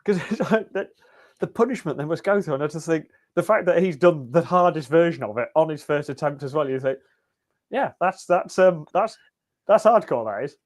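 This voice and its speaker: A man's voice: fairly high pitch, lively intonation, normal speed. A man, a race team owner, chatting as a podcast guest in an easygoing, wry way. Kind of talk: casual interview chat.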